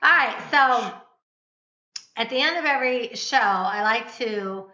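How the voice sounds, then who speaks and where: A woman's voice: on the high side, expressive, a little slow, bright, forceful tone. A woman hosting a casual chat, talking in a chatty, teasing way. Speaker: host. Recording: roomy, dull lo-fi sound.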